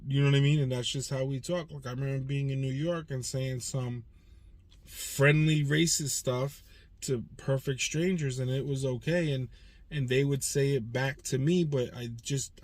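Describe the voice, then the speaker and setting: A man's voice: medium pitch, a little mellow, dry recording. A man in his forties, a used car dealer hosting his own channel, rambling in a casual, profane, streetwise way. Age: 40s. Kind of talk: casual vlog monologue.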